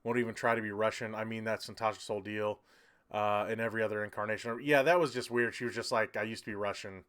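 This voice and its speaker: A man's voice: lowish voice, steady tone, fast talker, fairly bright tone, smooth. A man hosting a casual livestream, reading out viewer comments and rambling with lots of hesitations. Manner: rambling, hesitant, many ums and restarts. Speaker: livestream host.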